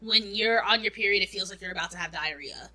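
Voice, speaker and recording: Bright-voiced young woman chatting candidly. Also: medium pitch, fast, rough recording. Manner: candid, rambling, swears freely. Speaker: podcast co-host. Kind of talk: casual chat.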